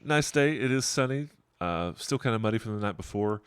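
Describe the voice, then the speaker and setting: A man's voice: lowish voice, lively intonation, brisk, smooth, dry recording, studio quality. A middle-aged man narrating a tabletop game as game master, describing scenes in a rambling, digressive way and chuckling often.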